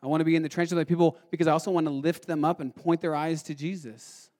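A young man preaching with a high, light voice. His delivery is animated: he rushes and raises his voice, then drops to a slow, near-hushed tone. He speaks casually, as if talking straight to his congregation. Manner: animated, swings from fast and loud to quiet and slow. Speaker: pastor. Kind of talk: sermon.

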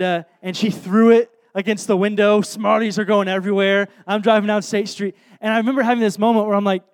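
A man with a notably high voice tells a story from the pulpit, animated and self-deprecating. He keeps restarting his sentences as he goes, in his thirties and at ease with the crowd. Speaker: preacher. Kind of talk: anecdotal sermon storytelling.

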